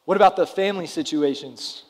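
In a church hall full of lingering reverb, a man in his thirties preaches in a chatty way, regularly putting questions to the people before him. He's a pastor whose voice sits on the high side, moves a little fast and has a slightly mellow quality.

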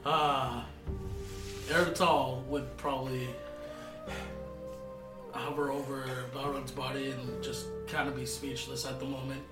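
Halting guy playing a tabletop game, far from the mic, echoey, music behind. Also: mid-range voice, little pitch movement. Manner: hesitant, halting. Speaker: player.

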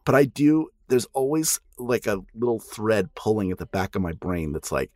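Low-voiced man musing on a podcast. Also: very animated, moderate pace, hardly any pauses, darkish tone, no echo, studio quality. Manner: thoughtful, musing aloud, asks questions. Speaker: podcast host. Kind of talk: casual chat.

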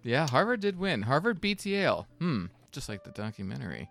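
A man co-hosting a casual chat podcast, laid-back and making dry, quick quips. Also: mid-range voice, big pitch swings, creaky, a bit bright. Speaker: podcast co-host.

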